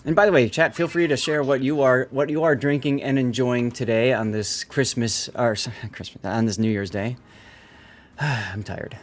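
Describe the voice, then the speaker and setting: A man's voice: medium pitch, fairly even intonation, brisk, few pauses. A man streaming a naval warship game, casually chatting with his viewers and answering their messages between callouts about torpedoes and ranges. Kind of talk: casual live-stream chat while gaming.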